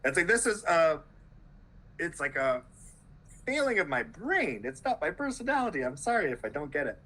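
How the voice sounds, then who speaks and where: A man with a bright, forceful, slightly high voice, chatting as a podcast guest. He tells stories in an animated way, full of quick asides and loose phrasing. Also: poor audio. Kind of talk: casual conversation.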